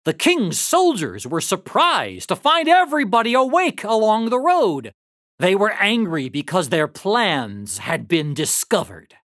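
A narrator reading a historical story aloud in a dramatic, animated read-aloud manner. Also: medium pitch, measured pace, dry recording, clean studio sound.

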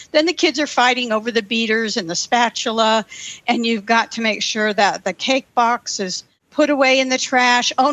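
Exasperated woman ranting on a call, slightly high voice, dry. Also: a bit bright, dry recording. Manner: exasperated, exclaiming. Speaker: game participant. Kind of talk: comic rant over video call.

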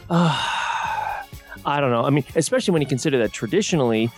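A man's voice: a little high, expressive, normal speed, soft background music. Opinionated man in casual chat. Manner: opinionated, ranty, repeats words. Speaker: podcast co-host.

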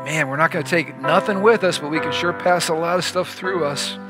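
A male pastor preaching a lively sermon in a church, with energetic shouting bursts. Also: a little high, brisk, music in the background.

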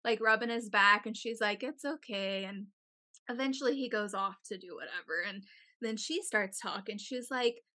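A young adult woman telling a long story in casual chat, animated and profane, with many "like"s. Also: mid-range voice, moderate pace.

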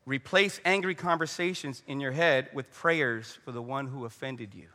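A man's voice: a little high, expressive, moderate pace, hardly any pauses, pushed and bright, long reverb tail. A man preaching a conversational sermon, telling stories and praying aloud. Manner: conversational preaching with storytelling and prayer. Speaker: pastor.

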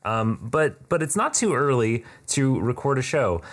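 A man's voice: mid-range voice, sing-song, unhurried. A man hosting a podcast in casual chat, rambling and joking with plenty of fillers. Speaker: podcast host. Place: room.

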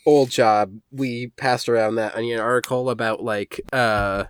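A laid-back man co-hosting a casual podcast, adding his remarks in a relaxed way. His voice is recorded dry and close, with no room sound. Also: mid-range voice, a little slow, clean tone, no echo. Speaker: podcast co-host. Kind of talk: casual chat.

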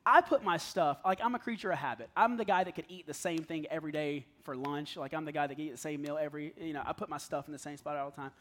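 High-voiced man preaching casually. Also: quick pace, hardly any pauses, fairly bright tone. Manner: storytelling, self-deprecating, laughs often. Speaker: pastor. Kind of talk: conversational sermon.

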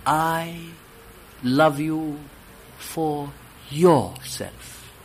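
A man voicing a gentle, serene male spiritual master in a dramatic poetry reading, speaking tenderly and with measured pauses. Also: fairly high pitch, slight background noise, voice pushed up.

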